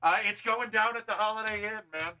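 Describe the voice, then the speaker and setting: A man hosting a gaming livestream, chatting casually, loud and blunt, swearing freely. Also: high-pitched, fairly quick, slight background noise, poor audio. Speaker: livestream host.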